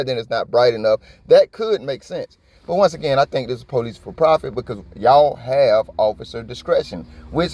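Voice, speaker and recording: A man's voice: mid-range voice, darkish tone. A man giving blunt, profane, impassioned reaction commentary in a slangy, conversational way. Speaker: video commentator.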